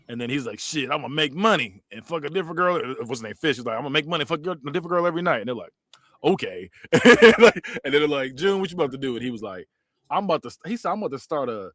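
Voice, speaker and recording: A podcast host casually recaps a movie, laughing often and acting out quotes with big jumps in pitch. His voice has a sharp tone, recorded at studio quality with no room sound.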